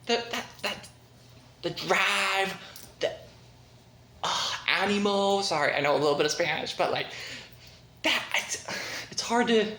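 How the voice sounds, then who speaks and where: Young woman, casual reviewer, gushing and scatterbrained, mid-pitched, echoey room sound. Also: fairly bright tone. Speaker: book reviewer.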